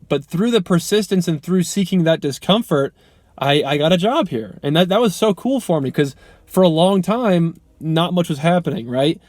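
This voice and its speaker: A young man with a slightly higher voice gives an earnest, motivational pep talk straight to camera. He rambles off the cuff, full of ums and false starts, and the sound is close and dry with no room around it. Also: a little mellow, no echo. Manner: rambling, many ums and restarts. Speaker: vlogger. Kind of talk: casual unscripted vlog talk.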